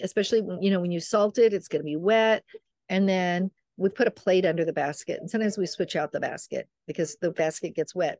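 A woman's voice: medium pitch, darkish tone, no echo, studio quality. An older woman, a midwife and author, chatting as a guest and rambling through family stories, acting out what her relatives said. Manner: chatty, rambling, acts out quoted family members. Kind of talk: casual storytelling conversation.

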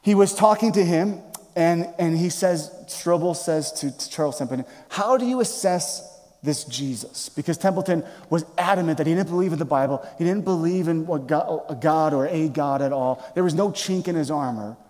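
A male pastor preaches with passion, his voice pitched high for a man yet mellow in tone. He swings from loud, emphatic lines to hushed near-whispers and often restarts his words. His voice rings with the long reverb of a large church hall. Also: brisk. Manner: repeats and restarts words as he speaks. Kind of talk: sermon. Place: church sanctuary.

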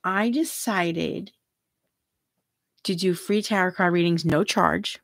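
A woman's voice: fairly low pitch, takes it slowly, gravelly, no echo. Giggly woman hosting a tarot livestream. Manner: giggly, reads viewer comments aloud, chatty and affectionate. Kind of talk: casual livestream chat.

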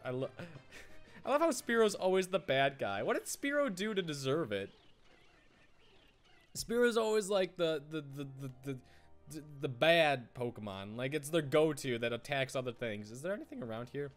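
A man rambles through casual let's-play commentary, stammering and restarting as he gets excited. His voice sits a bit high and swings widely in pitch. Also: moderate pace, soft background music. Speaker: gaming YouTuber.

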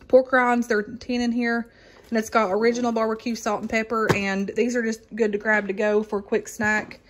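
Woman vlogger, unhurried, filler-heavy chat, faint noise behind. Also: a little high. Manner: rambling with many ums, folksy Southern-style exclamations. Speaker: vlogger showing a grocery haul. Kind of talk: casual chat.

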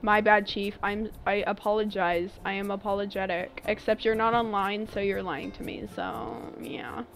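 A woman's voice: mid-range voice, normal speed, faint music behind. A young woman streaming a game live, chatting playfully with her viewers while she plays. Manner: playful, chatty, talks to chat. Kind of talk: live gameplay commentary.

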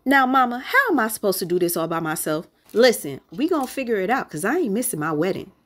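A woman's voice: medium pitch, very animated, fast, a bit bright, slight background noise, voice pushed up. A woman voicing sassy female wine glasses who banter in slang as they get ready to travel. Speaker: glass artist.

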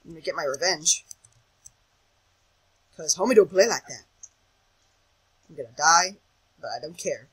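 A man's voice: fairly high pitch, moderate pace, pauses often, bright, forceful tone, husky, rough recording. A young man giving casual commentary over a video game, jittery and self-mocking, often chanting words over and over in a sing-song. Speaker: gaming channel host.

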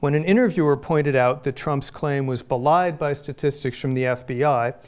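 A middle-aged man from Phoenix giving a prepared public lecture, measured and deliberate, with pointed emphasis. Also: mid-range voice, a little mellow, clean tone. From Phoenix, Arizona, US. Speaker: guest lecturer. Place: lecture hall.

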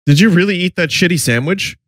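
A man's voice: sits high, expressive, a little fast. A man who is a little sick, giving wry, joking live commentary on commercials as a streamer. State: sick, voice affected.

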